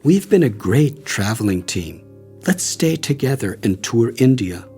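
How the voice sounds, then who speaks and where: Man reads a kind young travel companion, slow, warm tone. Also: mid-range voice, sing-song, husky, soft background music, full character voice. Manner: gentle, understanding.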